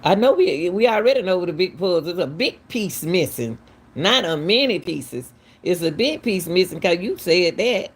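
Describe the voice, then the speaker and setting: A woman's voice: lowish voice, lively intonation, moderate pace, slightly rough. A woman, hosting casual true-crime commentary, talking emphatically and firing off repeated, incredulous questions. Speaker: commentary channel host.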